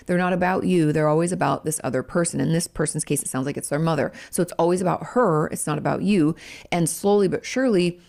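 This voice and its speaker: A woman's voice: lowish voice, vocal fry, darkish tone. A woman casually explaining a family dynamic to viewers, plain-spoken and direct.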